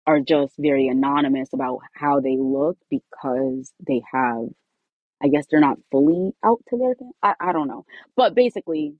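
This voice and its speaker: Woman co-host with a low voice, relaxed slangy banter, muffled dry audio. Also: no room sound. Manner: laid-back, slangy, quick to laugh. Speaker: podcast co-host. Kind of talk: casual chat.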